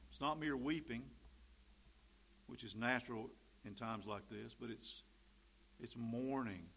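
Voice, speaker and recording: A middle-aged man preaching a sermon, swinging from loud emphatic stresses to quiet asides. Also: mid-range voice. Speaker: pastor.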